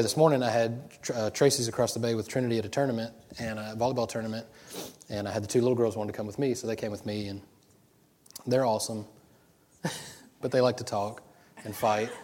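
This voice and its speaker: A man's voice: on the low side, steady tone, normal speed, long pauses, darkish tone. A middle-aged man preaching an informal sermon, telling personal stories in a rambling way with many restarts. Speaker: pastor.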